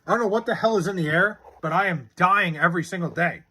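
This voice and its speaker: A man's voice: high-pitched, fast, pushed and bright, slightly rough. A man streaming live, chatting casually with his viewers, rambling and swearing freely as he argues about sports. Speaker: live streamer reading chat.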